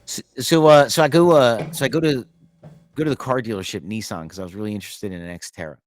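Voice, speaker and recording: A middle-aged podcast host with a lowish voice talks fast, telling a long story in casual chat. He rambles, restarts often, and laughs his way through it.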